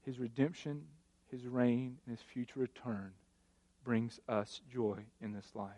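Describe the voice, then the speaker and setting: A man in his thirties preaching a sermon, telling stories with animated swings between loud passages and hushed ones. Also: mid-range voice, unhurried, no room sound. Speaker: pastor.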